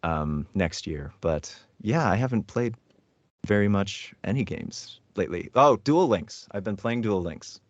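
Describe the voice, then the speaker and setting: Low-voiced man rambling in an interview. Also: expressive, a little slow, dry recording, muffled recording. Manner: hesitant, rambling with fillers and laughs. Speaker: voice actor guest. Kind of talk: casual interview chat.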